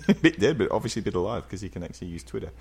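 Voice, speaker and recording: A man's voice: fairly low pitch, sing-song, very fast, vocal fry, mellow, slightly rough. A man co-hosting a podcast, talking casually with hesitant, rambling phrasing. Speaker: podcast co-host.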